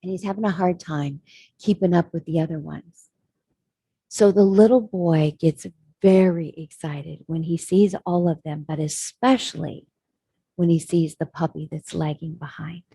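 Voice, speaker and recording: Earnest woman sermon storyteller, lowish and husky. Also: steady tone, a little slow, dark tone, no echo. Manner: earnest, reflective. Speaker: speaker.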